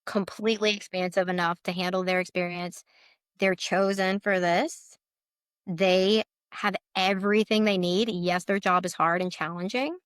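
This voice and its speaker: A woman's voice: fairly low pitch, steady tone, moderate pace, clear, resonant tone, no echo, studio quality. A woman guest speaking earnestly and emotionally in a casual interview, often saying "like". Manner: earnest, emotional, heavy use of "like". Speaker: guest, letter board practitioner.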